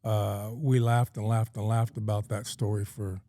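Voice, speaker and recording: A man's voice: on the low side, level tone, normal speed, warm tone, dry recording, studio quality. A middle-aged man from California, a podcast guest telling a long story in a folksy, rambling way with plenty of ums and uhs. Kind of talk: casual storytelling in a podcast interview.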